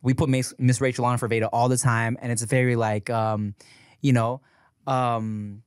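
A man's voice: medium pitch, level tone, fairly quick, smooth, no echo, clean studio sound. A man in his thirties co-hosting a podcast in a casual, rambling chat, with lots of filler words. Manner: rambling, laughs and does voices. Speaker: podcast co-host.

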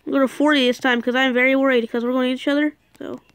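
A woman giving casual, excitable commentary while playing a game, with dramatic outbursts and mock sulking. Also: high-pitched, quick pace, clean tone, no room sound. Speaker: gameplay commentator.

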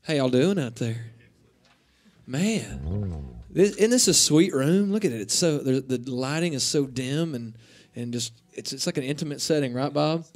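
A man's voice: medium pitch, big pitch swings, unhurried, darkish tone. A young man from Northeast Georgia with a Southern accent, a country singer chatting and joking casually between songs in a radio station lounge. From Northeast Georgia, USA. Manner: joking, rambling, easygoing. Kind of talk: casual on-stage banter.

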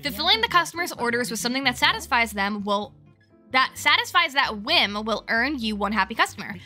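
A woman's voice: fairly high pitch, sing-song, brisk, sharp tone, soft background music, full character voice. A woman reading game dialogue aloud, voicing a theatrical, genteel male cat who guides a tea house.

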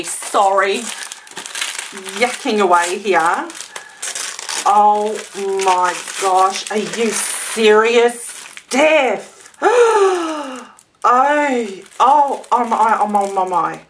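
A woman chatting casually to camera while unboxing a gift parcel, gushing and gasping with excitement. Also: medium pitch, a little hiss or hum. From Australia. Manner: gushing, gasping, many exclamations. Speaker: vlogger.

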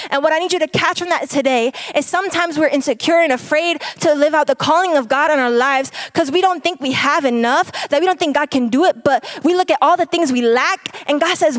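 A woman's voice: sits high, moderate pace, no echo, clean studio sound. A young adult woman preaching a sermon to a congregation, emphatic and direct, repeating her key lines. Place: church stage.

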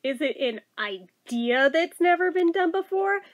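A woman giving a casual, excitable movie review who swears freely, laughs easily and talks in a chatty, rambling way full of fillers. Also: very high-pitched. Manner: excitable and animated, quick to laugh.

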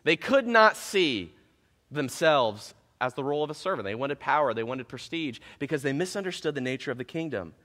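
A man preaching a sermon as pastor, telling a self-mocking story in an animated way before turning to scripture. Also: a little high, fairly quick, long reverb tail. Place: church sanctuary.

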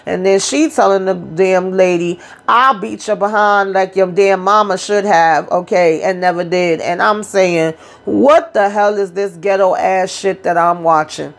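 Blunt, profane woman recapping reality TV. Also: mid-range voice. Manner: blunt, profane, retells scenes in quick acted-out quotes. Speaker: YouTube reality TV recap host. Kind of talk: casual spoken recap.

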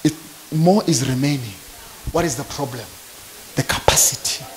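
A man's voice: medium pitch, moderate pace, a little hiss or hum. A man preaching a fervent conference sermon, throwing call-and-response questions to the congregation. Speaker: pastor. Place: church conference.

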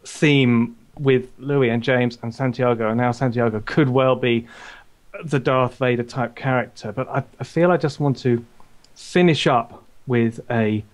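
A man, a voice actor, chatting casually on a call, playful and hesitant. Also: mid-range voice.

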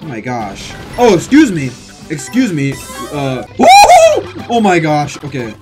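A man's voice: on the high side, very animated, normal speed, over loud music. A young man giving casual, chatty gameplay commentary as host, exclaiming often. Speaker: let's-play host.

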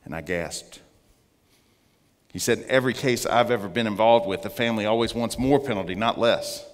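Man, low voice, church testimony, earnest storytelling, long reverb. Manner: earnest storytelling, slowing for emphasis. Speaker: guest speaker giving testimony. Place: church sanctuary.

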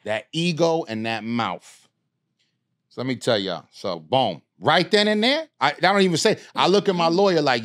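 A middle-aged podcast guest with a fairly high-pitched voice tells a story at a moderate pace. The chat is casual, and he narrates with animated, street-savvy flair and plenty of cursing.

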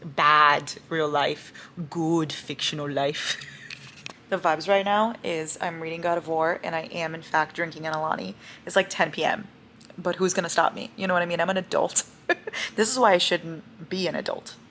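A woman's voice: on the low side, steady tone, a little fast, slight background noise. A young woman vlogging at home at night, chatting in a gushing, playful way about books. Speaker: book vlogger. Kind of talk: casual reading vlog chat.

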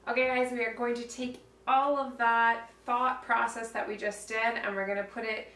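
A woman vocal coach guiding a vocal warm-up with calm, step-by-step cues. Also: a little high. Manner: calm, slow step-by-step cueing. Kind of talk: guided vocal warm-up instruction. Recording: roomy, heard from a distance, faint hum.

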